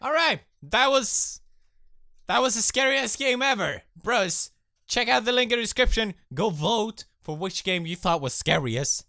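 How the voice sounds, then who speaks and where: Gravelly profane gaming host. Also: male voice, high voice, animated, measured pace, no room sound, studio quality. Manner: goofy, profane, bursting into shouts. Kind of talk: let's play commentary.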